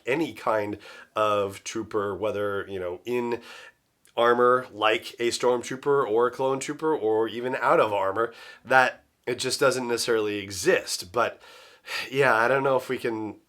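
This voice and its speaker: A man's voice: mid-range voice, fairly bright tone. Musing male podcast host. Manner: musing, speculative, many "you know" fillers. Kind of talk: solo podcast commentary.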